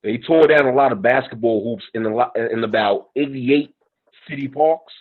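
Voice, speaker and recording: A man's voice: medium pitch, normal speed, a little hiss or hum. A man with an ordinary mid-range voice reports in a plain, matter-of-fact way. He sounds thin and tinny, as though on a phone line. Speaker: panelist. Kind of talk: casual group chat.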